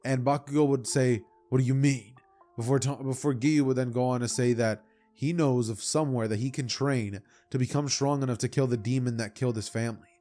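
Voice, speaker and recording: A man's voice: mid-range voice, fairly quick, faint music behind. Young man rambling through a fan story. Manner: rambling, animated retelling with asides. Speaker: YouTuber. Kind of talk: casual fan-fiction storytelling.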